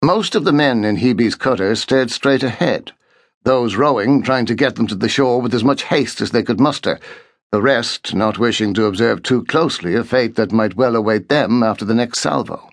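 A man reading a historical novel aloud in a measured, steady storytelling voice. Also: mid-range voice, dry recording, clean studio sound. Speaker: audiobook narrator. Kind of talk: scripted narration.

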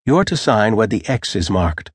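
Man reading a calm, unruffled middle-aged secretary; husky and even. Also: on the low side, normal speed, dry recording, studio quality. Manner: calm, composed, faintly derisive.

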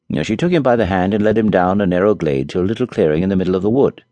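Low, warm male audiobook narrator, animated storytelling, dry studio sound. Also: fast talker, few pauses, no echo. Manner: expressive, storytelling.

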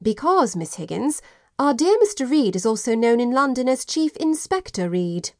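A woman voicing a determined young Englishwoman who solves crimes, in an audiobook, with an insistent, brisk manner. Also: fairly high pitch, big pitch swings, dry recording, clean studio sound, voice pushed up. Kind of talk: audiobook character voice.

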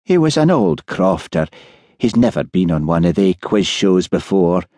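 A man voicing an earnest, soft-hearted young police constable who talks anxiously. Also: low voice, very animated, normal speed, no echo, studio quality.

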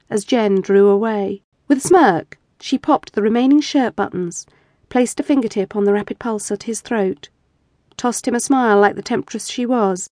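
A woman narrating erotic fiction with a measured, intimate reading on a close studio mic. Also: medium pitch, warm tone, dry recording. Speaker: audiobook narrator.

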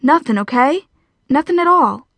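A woman's voice: high voice, expressive, moderate pace, a bit bright, no echo, pitched above the performer's own voice. A woman narrator voicing an upset young woman who answers fiercely and curtly. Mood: defiant. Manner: fierce, clipped.

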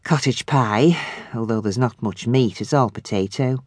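A woman's voice: extremely low pitch, normal speed, darkish tone, no echo, studio quality, voice pushed down. A woman reading an audiobook, voicing a tired, plain-spoken middle-aged mother. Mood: weary.

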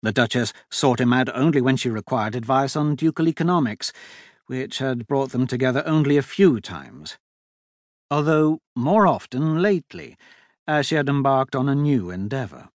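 A man narrating a fantasy audiobook in a measured, expressive storytelling voice, close to the microphone. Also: medium pitch, no room sound. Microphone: close studio mic.

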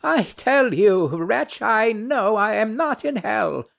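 A man's voice: sits high, expressive, takes it slowly, creaky, fairly bright tone, voice pushed up, exaggerated voice. A man reading a play aloud, voicing a proud, indignant noblewoman who speaks primly and insists on her due. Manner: prim, affronted, insistent questioning. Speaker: audiobook narrator.

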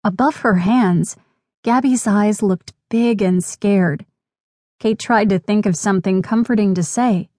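A woman narrating a children's audiobook in a clear, gentle, measured way. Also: medium pitch, no room sound. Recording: dry studio recording.

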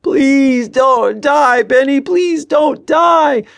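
A man voicing a frightened young boy who yells frantically in a shrill voice. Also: extremely slow, creaky, no room sound, heavily acted. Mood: panicked screaming.

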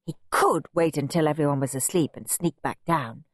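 A woman reading a children's storybook aloud, expressive and playful. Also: deep voice, moderate pace, few pauses, no room sound, studio quality. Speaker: audiobook narrator. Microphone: close studio mic.

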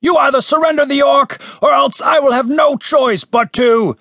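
A man's voice: very high voice, moderate pace, creaky, dry recording, pitched above the performer's own voice, exaggerated voice. Stern soldier commander barking orders, raised and strained, voiced by a male narrator. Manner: shouted orders.

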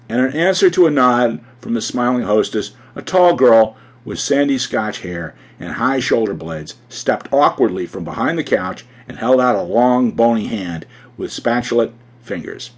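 Husky, expressive audiobook narrator, man. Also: mid-range voice, moderate pace. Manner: expressive, theatrical reading. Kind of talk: scripted narration of a classic story.

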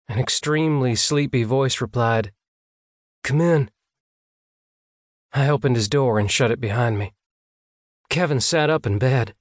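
A man reading a first-person romance audiobook in a measured, intimate storytelling manner on a close studio mic. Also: medium pitch, no room sound. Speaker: audiobook narrator.

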